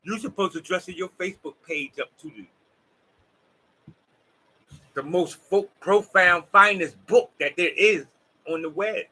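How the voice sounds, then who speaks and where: A man's voice: sits high, measured pace, long pauses, pushed and bright, poor audio. A man with a Southern US accent giving a rambling, preachy motivational monologue straight to his viewers. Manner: preachy, emphatic, talks straight to the audience. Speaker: vlogger.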